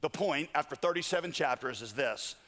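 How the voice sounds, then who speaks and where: A man's voice: a little high, lively intonation, a little fast, fairly bright tone. A man preaching a sermon, telling stories with joking asides. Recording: long hall reverb.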